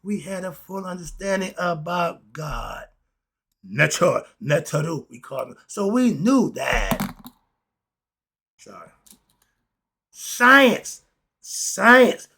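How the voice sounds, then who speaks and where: A middle-aged man teaching spiritual philosophy, preachy and excitable, firing rhetorical questions at his listeners. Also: on the high side, slow, creaky, pauses often, husky. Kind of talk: spoken lesson.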